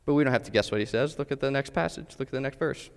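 A man's voice: mid-range voice, very fast, gravelly. A man preaching a sermon, earnest and direct, putting questions straight to his listeners. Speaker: pastor. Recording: long hall reverb.

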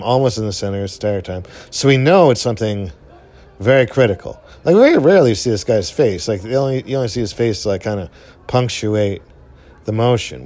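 A young man giving casual, rambling movie commentary while watching, full of fillers and offhand swearing, his voice jumping up when excited. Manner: enthusiastic, pitch jumps up when excited. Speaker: film commentator.

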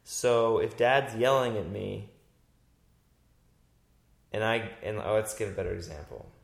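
A man hosting a casual talk, telling stories in an animated, rambling way and acting out his own thoughts. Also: lowish voice, measured pace, vocal fry. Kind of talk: casual chat. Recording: roomy echo.

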